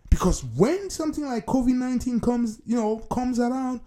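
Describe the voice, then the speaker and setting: Talk show host, solo monologue, emphatic, repetitive, mellow tone, animated pitch. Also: normal speed. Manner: emphatic, repeats key phrases. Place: based in Scotland.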